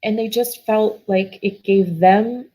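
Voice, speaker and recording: A woman's voice: medium pitch, fairly even intonation, takes it slowly, warm tone, rough recording. A middle-aged woman guest telling a personal story in an earnest, emotional way, often restarting her sentences.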